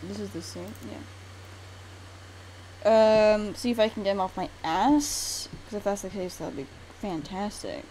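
A young woman giving let's-play commentary, chatty and talking herself through the route, mumbling some lines quietly to herself. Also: mid-range voice, a little slow, a little hiss or hum, poor audio. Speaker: gamer streamer.

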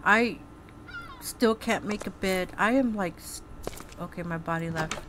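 A woman's voice: on the low side, a little slow, noisy background. A woman streaming a horror game, gasping and exclaiming to her viewers as she plays. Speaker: gaming streamer.

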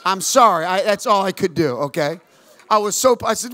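Brief: older male pastor, high voice, dry close sound, animated storytelling sermon with call and response. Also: normal speed, no room sound. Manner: animated storytelling preacher, calls for amens and response.

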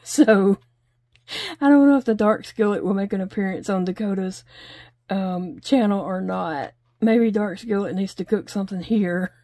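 A middle-aged woman chats easily about home life as she crochets, laughing often and pausing to count stitches under her breath. Her voice is mellow and soft-edged, heard dry and close with no room around it. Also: mid-range voice, no echo. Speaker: crochet vlogger. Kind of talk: casual chat while crocheting.

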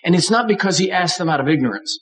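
An older man preaches a sermon in a high, animated, fast voice with a fairly bright tone, and the recording is rough. He delivers it dramatically, acting out the voices of God and other characters.

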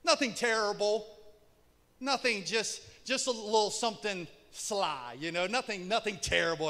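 A male pastor preaching a sermon, shouting for emphasis and then dropping very quiet, recorded in an echoey church hall. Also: high-pitched, moderate pace. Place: church sanctuary.

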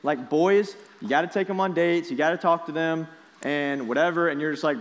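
A young man preaches to a youth group, casual and energetic, keeping the students involved with quick questions. His voice sits a little high. The long reverb of a large hall trails behind his words. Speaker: youth pastor. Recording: echoey hall.

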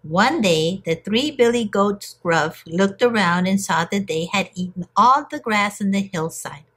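A woman teacher reading a picture book aloud to young children in an expressive storytelling manner. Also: fairly low pitch, normal speed.

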